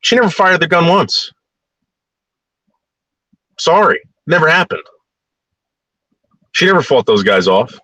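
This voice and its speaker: Blunt, heated man with a bright voice. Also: a little high, sing-song, a little slow, long pauses, no echo, low-quality recording. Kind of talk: ranting opinion monologue.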